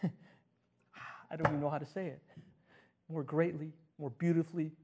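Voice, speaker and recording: A man's voice: on the high side, flat delivery, unhurried, noisy background. Man preaching a sermon with swings in volume. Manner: dynamic, swinging from loud to hushed; repeats phrases for emphasis. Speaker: pastor.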